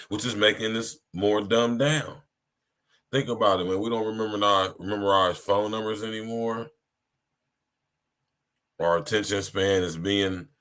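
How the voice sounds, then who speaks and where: Deep-voiced man preaching on a podcast. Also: a bit bright. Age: 30s. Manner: preachy, repeats "you hear me" and "man". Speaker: podcast host. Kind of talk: casual live-stream monologue.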